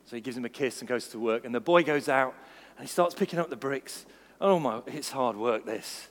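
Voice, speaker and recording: A man preaching a sermon, lively and acting out the voices in his stories. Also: mid-range voice, a little fast. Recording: long reverb of a church hall.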